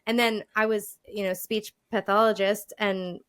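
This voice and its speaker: A woman's voice: medium pitch, normal speed, clear, resonant tone. A woman from Long Island, a former speech pathologist, telling stories in casual chat and laughing often. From Long Island, New York. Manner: lively storyteller, laughs often.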